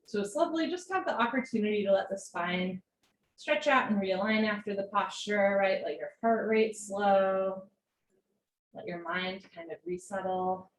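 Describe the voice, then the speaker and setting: Calm woman leading yoga. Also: mid-range voice. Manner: calm, encouraging cues with chatty asides. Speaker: yoga instructor. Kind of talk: live-streamed yoga class instruction. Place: home room. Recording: roomy home recording.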